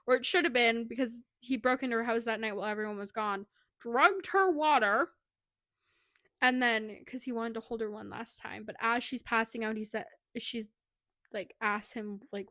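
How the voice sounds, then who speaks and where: A woman's voice: on the high side, normal speed, fairly bright tone, no room sound, studio quality. A young woman co-hosting a podcast, casually retelling a book's plot with lots of fillers. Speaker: podcast co-host. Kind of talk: casual book review chat.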